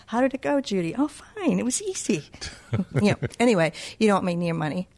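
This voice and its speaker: A woman's voice: mid-range voice, very animated, fairly quick, a little mellow. A middle-aged woman with a Boston accent, a children's book author talking in a casual interview, playful and self-mocking.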